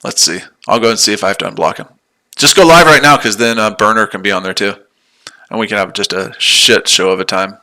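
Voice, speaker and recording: A man's voice: lowish voice, little pitch movement, fast talker, pushed and bright. A man in his forties talking casually on a livestream, combative and taunting, repeating himself. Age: 40s. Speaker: livestream host.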